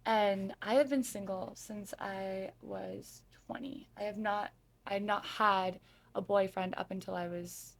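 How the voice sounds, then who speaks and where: A woman from Arizona talks as a guest on a podcast in a chatty, effusive way. Her voice sits at an ordinary middle pitch. She laughs easily and strings her thoughts together loosely, full of fillers. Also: fairly even intonation, a little slow. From Sedona, Arizona. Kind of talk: casual interview chat.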